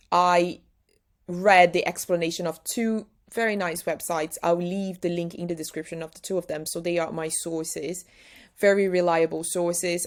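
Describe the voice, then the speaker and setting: A young Brazilian woman with a British-style English accent gives a pronunciation lesson, her voice on the low side. She drills each practice word slowly and emphatically, exaggerating her articulation.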